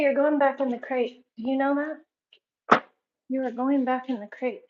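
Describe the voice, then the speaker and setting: A woman with a slightly high voice talks slowly in a casual home vlog, firmly ordering her dogs around. The sound is dull and lo-fi, picked up by a camera in the room. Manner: firm, repeated commands to her dogs. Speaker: vlogger. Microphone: camera set up in the room.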